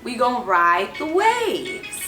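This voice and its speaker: A woman hosting a casual spiritual reading, talking in an animated, slangy way and laughing often. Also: a little high, slow, roomy sound, over music, rough recording.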